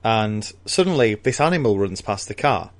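A man with a lowish voice talks through a book chapter in casual podcast chat. He rambles and restarts often, and breaks into laughter along the way. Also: lively intonation, normal speed.

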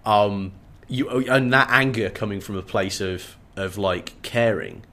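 A man co-hosting a casual book-discussion podcast, chatty and animated. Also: lowish voice, unhurried. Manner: chatty, animated, with frequent fillers and restarts. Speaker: podcast co-host.

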